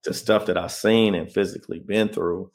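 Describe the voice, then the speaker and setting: A man's voice: deep voice, steady tone, normal speed. A man as an interview guest, telling his personal story in a conversational way and often checking in with the listener. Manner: conversational, often adds "you know what I mean".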